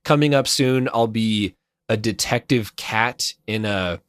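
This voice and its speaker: A man, a voice actor, talking casually in an interview, chatty and self-deprecating, with quick asides. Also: lowish voice, smooth, dry recording, clean studio sound. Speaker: voice actor guest. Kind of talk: casual chat.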